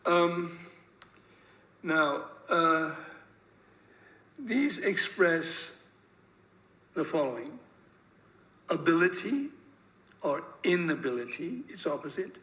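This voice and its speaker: A man's voice: on the high side, sing-song, slow pace, pauses often, bright, forceful tone, low-quality recording. A man teaching a grammar lesson, hesitant, with many fillers and repeated words. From northern England. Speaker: English teacher. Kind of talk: lecture-style grammar lesson.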